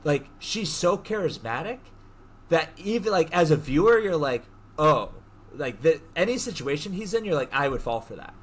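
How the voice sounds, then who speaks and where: A man hosting a podcast, casually retelling a movie plot in an animated way, swearing freely. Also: fairly high pitch, moderate pace, husky. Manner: animated storyteller who swears freely and acts out quotes. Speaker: podcast host.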